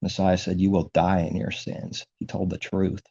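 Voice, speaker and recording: A low, gravelly man preaches in an indignant, repetitive monologue. His voice is dark and husky, and the recording sounds dull and lo-fi. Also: little pitch movement, moderate pace. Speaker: religious commentator. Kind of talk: impassioned religious monologue.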